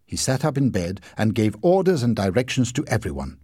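A man narrating a storybook in an expressive, lively reading. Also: lowish voice, a little fast, no room sound, studio quality.

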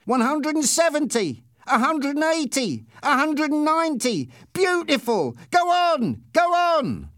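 A jumpy, rat-faced hitchhiker, played by a male reader, his voice pushed up high and loud as he cheers and protests. The delivery swings widely in pitch and sits dry and close to the mic. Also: slow, dry recording. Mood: thrilled shouting. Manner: high, excited cheering and shouting. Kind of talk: audiobook character reading.

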